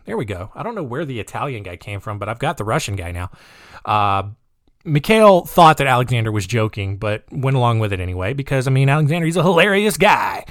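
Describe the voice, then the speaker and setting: A man's voice: lowish voice, big pitch swings, fairly quick, no room sound, studio quality. A man hosting a podcast, telling a true-crime story in a casual, joking way, with rambling personal asides. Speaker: podcast host.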